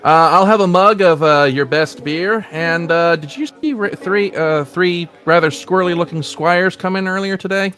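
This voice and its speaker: A man's voice: high-pitched, normal speed, hardly any pauses, a bit bright. A man playing a tabletop game, speaking hesitantly with many stammers and fillers. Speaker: player.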